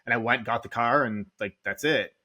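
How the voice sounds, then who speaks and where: This podcast guest, who invests in real estate, shares his story candidly and emotionally, on the verge of tears and filling it with "like." He talks at a moderate pace in a bright, forceful, mid-range voice, rambling as he goes.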